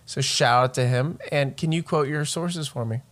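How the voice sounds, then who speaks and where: A man's voice: mid-range voice, moderate pace, fairly bright tone. A man co-hosting a casual comedy podcast, joking, swearing and laughing often. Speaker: podcast co-host.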